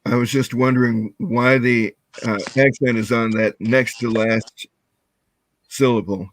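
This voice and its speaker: A man who is a student in a language class, asking thoughtful questions with hesitant pauses. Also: medium pitch, steady tone. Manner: hesitant, thoughtful, many fillers.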